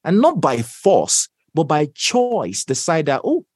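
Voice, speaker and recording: A young Nigerian man with a Nigerian accent, a voiceover artist answering interview questions in a measured, emphatic way. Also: fairly high pitch, huge pitch swings, dry recording, clean studio sound. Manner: measured, emphatic, stresses key phrases.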